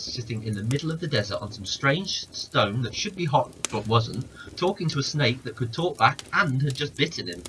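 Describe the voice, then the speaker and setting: A man reading a long story aloud as narrator, with expressive, animated delivery. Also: on the high side, a little hiss or hum, rough recording.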